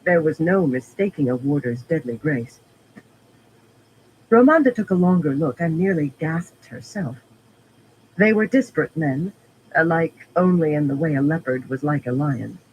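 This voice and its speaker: A man narrating a fantasy audiobook in a steady, even reading. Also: a little high, normal speed, lo-fi sound, slight background noise. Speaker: audiobook reader.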